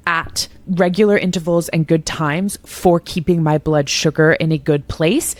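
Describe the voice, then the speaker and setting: Low-voiced chatty woman host in her thirties. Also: fairly even intonation, unhurried. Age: 30s. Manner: enthusiastic, chatty, self-deprecating with frequent laughs. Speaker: podcast host. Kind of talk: conversational interview.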